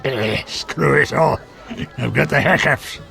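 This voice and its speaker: Zoltan, a gravelly dwarf. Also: male voice, mid-range voice, slow, bright, forceful tone, faint music behind, heavily acted. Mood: tipsy. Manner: blunt and coarse. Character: gruff blunt male dwarf drinking companion. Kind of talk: video game voice acting.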